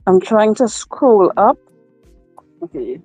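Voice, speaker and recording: Slow-talking woman hosting a live chat. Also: mid-range voice, sing-song, mellow, no echo, soft background music, poor audio. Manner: slow, repetitive, laughs often. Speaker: livestream host. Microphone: phone.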